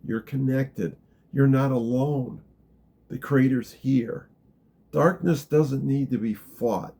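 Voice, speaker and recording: A man leading a gentle guided meditation talk, calm and unhurried, dropping very soft in the guided parts. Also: medium pitch, gravelly, husky. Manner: slow, gentle, drops to a near whisper in the guided parts. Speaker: spiritual teacher guiding a practice.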